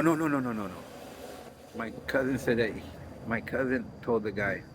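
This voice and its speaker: Blunt, low-voiced middle-aged man rambling. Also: noisy background. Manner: blunt and profane, trailing off and restarting. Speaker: host of a self interview. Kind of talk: casual rambling storytelling.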